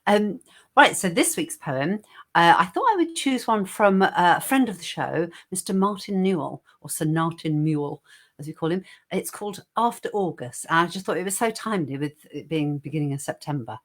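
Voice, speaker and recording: A woman co-hosting a chatty online show who reads a poem aloud in a gentle way and laughs easily. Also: low-pitched, expressive, moderate pace. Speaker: co-host. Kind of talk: poem reading and casual chat.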